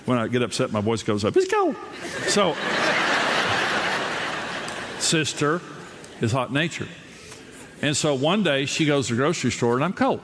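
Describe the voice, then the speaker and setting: A man's voice: mid-range voice, animated, brisk, big-room sound, very noisy. An older man as pastor, giving a sermon on marriage with humorous storytelling, his voice jumping up when he mimics others. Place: large room with a live audience.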